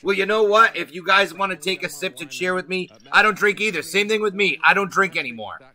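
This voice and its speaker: A man's voice: high voice, fairly quick, sharp tone, low-quality recording. Nervous swearing male livestream host. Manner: nervous, swearing, rambling to chat. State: anxious. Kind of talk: casual livestream chat.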